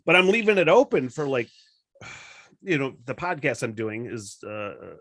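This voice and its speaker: A man's voice: mid-range voice, big pitch swings, unhurried, a bit bright, dry recording, studio quality. A man hosting a podcast, talking in a laid-back, rambling way and swearing often. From northern Michigan. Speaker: podcast host. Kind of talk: casual chat.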